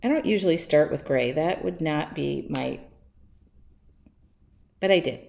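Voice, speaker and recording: A woman's voice: sits low, a little slow, gravelly, darkish tone, a little hiss or hum. A woman teaching a live painting demo from her home studio, chatty and self-mocking, laughing at herself as she works. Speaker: art teacher.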